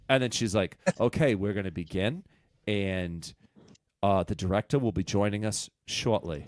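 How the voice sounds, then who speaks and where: A man's voice: lowish voice, normal speed, no room sound. Man, new england accent, comedian, storytelling, profane, self-mocking, dry close sound. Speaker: comedian telling a story on a podcast. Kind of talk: casual storytelling chat.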